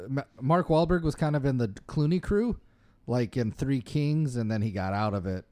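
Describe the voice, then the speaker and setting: A man's voice: medium pitch, expressive, moderate pace, dark tone, no room sound. A man co-hosting a casual movie podcast, rambling and enthusiastic with lots of fillers. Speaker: podcast co-host. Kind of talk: casual chat about movies.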